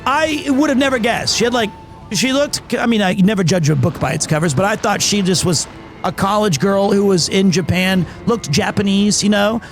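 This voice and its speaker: High-voiced man rambling through a story. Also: normal speed, soft background music. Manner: rambling storytelling, acting out quotes. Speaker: streamer. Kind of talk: casual livestream chat.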